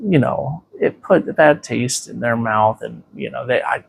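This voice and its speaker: A man with a gravelly voice talks as a guest on a casual interview show. He rambles through stories, swears freely and keeps saying "you know." His voice sits in an ordinary middle pitch. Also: unhurried, slight background noise. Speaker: tattoo shop owner, podcast guest.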